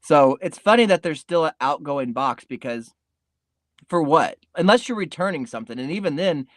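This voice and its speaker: A man's voice: on the high side, expressive, normal speed, dry recording, studio quality. Rambling laid-back comedy podcast man. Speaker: podcast host. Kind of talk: casual comedic monologue.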